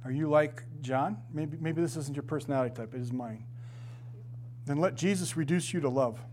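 A man's voice: on the high side, moderate pace, a little mellow, slight background noise. A middle-aged man preaching as a pastor, telling stories animatedly and acting out the voices of the people in them, laughing often. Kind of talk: sermon.

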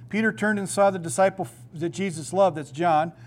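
A middle-aged man, a pastor, preaching a sermon with emphatic, drawn-out stresses on key words. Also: high voice.

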